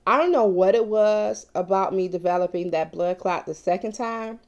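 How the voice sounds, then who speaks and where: A woman's voice: mid-range voice, moderate pace, a little mellow, lo-fi sound. A woman in her forties talking candidly to her viewers in a casual personal vlog, confiding and open. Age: 40s. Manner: candid and confiding, addressing viewers as "you guys". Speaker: mukbang vlogger.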